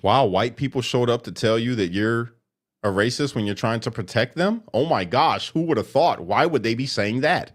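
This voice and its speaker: A man's voice: mid-range voice, expressive, moderate pace. A man commenting sarcastically on protest clips, mocking and emphatic.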